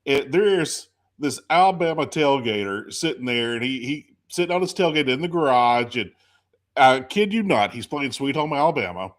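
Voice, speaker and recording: A man hosting a casual chat, telling a lively story and acting out quotes. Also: mid-range voice, moderate pace. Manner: animated storyteller, acts out quotes. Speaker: podcast host.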